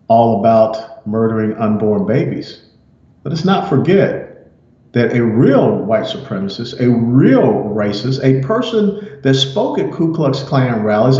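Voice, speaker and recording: A man delivers political opinion commentary in a measured, emphatic way, leaning on key words. His voice is mellow and warm. The recording sounds roomy and a little muffled. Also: lowish voice.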